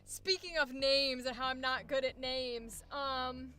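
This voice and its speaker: A woman's voice: high voice, steady tone, measured pace, bright, forceful tone, clean tone. A woman voice actor chatting casually on a live stream, swearing freely and laughing easily, with faint music playing behind her. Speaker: voice actor streaming a coaching session. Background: faint background music.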